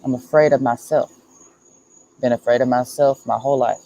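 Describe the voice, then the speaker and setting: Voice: medium pitch, steady tone, normal speed, creaky, mellow, rough recording. A streamer talking in a casual livestream monologue, earnest and repetitive, speaking emphatically and confessionally.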